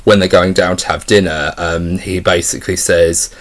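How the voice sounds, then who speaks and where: A young man with a low voice talks through a film review off the cuff. He rambles, stumbles over restarts and leans on fillers as he goes. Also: steady tone, normal speed. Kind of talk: casual spoken film review.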